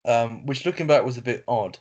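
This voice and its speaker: A podcast co-host with a darkish, middle-pitched voice reads an online story to his partner over a video call. He stumbles and restarts often, filling gaps with fillers and fixing his own slips. The lo-fi call audio suits the casual chat.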